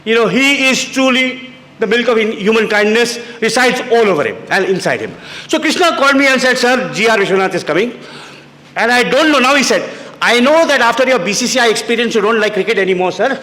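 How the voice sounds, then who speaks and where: A man in his sixties from India tells anecdotes in a public lecture, breaking into quoted voices and restarting his phrases. His voice sits high and bright. The sound rings with the long echo of a lecture hall. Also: lively intonation, fairly quick. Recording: echoey hall.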